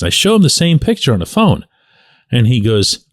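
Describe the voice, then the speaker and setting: A middle-aged man hosting daily sports commentary, telling stories in an animated way and acting out quotes. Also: a little fast, no echo, clean studio sound. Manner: animated storyteller, acts out quotes with big pitch jumps. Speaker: sports columnist and show host.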